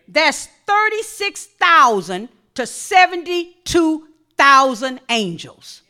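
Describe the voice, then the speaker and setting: A woman preacher delivering a sermon, reading scripture and building to shouted calls to the congregation. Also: high-pitched, sing-song, slow pace.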